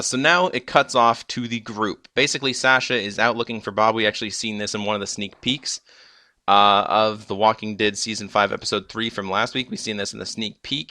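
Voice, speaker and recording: A young man chats through a TV episode recap, stumbling over restarts and fillers as he goes. His voice sits low yet comes across bright and forceful. The sound is dry and close, with no room around it. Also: no room sound. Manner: rambling, many fillers and restarts. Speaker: episode reviewer. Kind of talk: casual recap.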